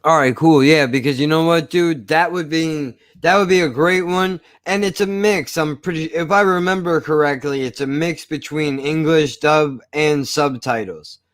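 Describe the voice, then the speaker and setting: Guy co-hosting over a video call, keeps saying dude and bro, fairly high voice. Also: moderate pace, hardly any pauses, dry recording, clean studio sound. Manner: excitable, peppers talk with "dude" and "bro". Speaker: podcast co-host. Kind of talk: casual chat.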